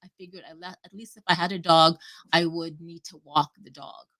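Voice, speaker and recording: A woman talking casually and at length on a live audio chat, rambling and animated, cutting herself off and swearing freely. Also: on the low side, brisk. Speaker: guest speaker.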